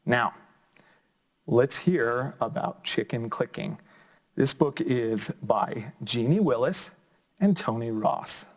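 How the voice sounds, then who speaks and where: Guy teacher doing a slow expressive read-aloud for kids, squeaky jumps on the click sounds. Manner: expressive storybook reading with big pitch jumps on sound words. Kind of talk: children's read-aloud lesson.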